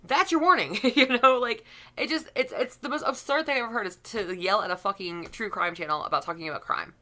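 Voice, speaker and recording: A woman's voice: on the high side, brisk, bright, forceful tone. A woman YouTuber giving a blunt, profane opinion rant to camera, rambling with restarts.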